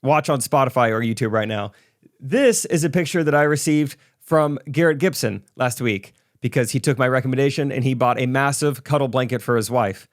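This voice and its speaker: A man's voice: mid-range voice, no room sound. A man co-hosting a podcast, chatting casually, reading ads and tossing in dry jokes. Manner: dry, quick jokey interjections. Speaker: podcast co-host. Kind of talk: casual chat with ad reads.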